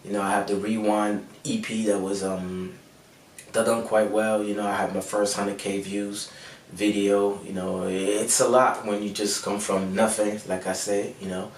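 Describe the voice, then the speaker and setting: A man's voice: lowish voice, little pitch movement, measured pace. Laid-back man with an American twang. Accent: American-sounding English. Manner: laid-back, many fillers and restarts. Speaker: rapper and producer. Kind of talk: casual interview answers. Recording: roomy echo, mic at a distance, faint background hum.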